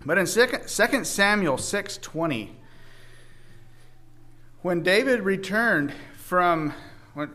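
Male preacher, slightly high voice, slow halting sermon delivery, raises his voice for scripture. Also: expressive, pushed and bright. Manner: halting, with frequent restarts.

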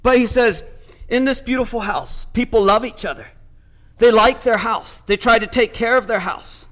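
A man's voice: very high-pitched, moderate pace, a bit bright. A man preaching a sermon, retelling a story with quoted speech and building to emphatic points.

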